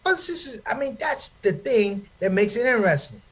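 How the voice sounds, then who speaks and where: A man doing stand-up comedy storytelling. He is animated and addresses the crowd in a preachy way. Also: very high-pitched, moderate pace, breathy edge.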